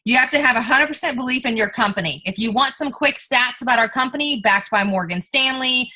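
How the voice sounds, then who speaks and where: A young woman leading a team on a video call, coaching them in an upbeat, coaxing way and acting out sample pitches to friends. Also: a little fast, pushed and bright, low-quality recording. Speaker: network marketing team leader. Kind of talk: motivational sales coaching on a group video call.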